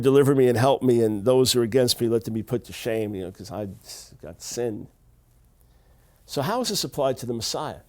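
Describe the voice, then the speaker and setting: A middle-aged man teaching the Bible to camera in an animated, emphatic way, repeating key phrases. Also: a little high.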